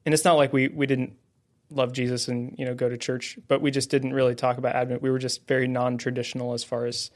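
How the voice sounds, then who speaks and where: A man's voice: mid-range voice, little pitch movement, quick pace. A man co-hosting a faith podcast in casual conversation, friendly and self-deprecating, with many fillers, close to the mic. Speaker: guest co-host. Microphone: held close to the mouth.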